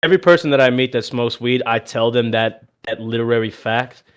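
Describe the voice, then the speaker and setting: A man's voice: mid-range voice, brisk, clear, resonant tone. A young man from Milwaukee co-hosting a podcast, chatting casually, swearing a lot and laughing often. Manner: profane, animated, laughs often. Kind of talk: casual chat.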